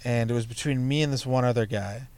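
A man's voice: mid-range voice, fast, a little mellow. A young man, a stand-up comedian, telling a loose, profane story from his past in a casual chat, full of fillers like "you know" and "like". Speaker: comedian guest.

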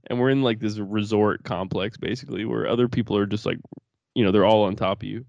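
Young male podcast co-host, low-pitched, rambling and profane, dry close mic. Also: fairly even intonation, quick pace, gravelly, a little mellow, dry recording, muffled recording. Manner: rambling, profane, laughs through stories. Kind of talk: casual chat.

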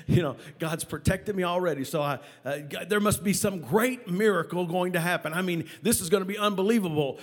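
Spinning a personal tale from the pulpit, this male preacher speaks in a rather high voice full of energy. He trips over words and repeats himself, then pushes forward once more in an animated way.

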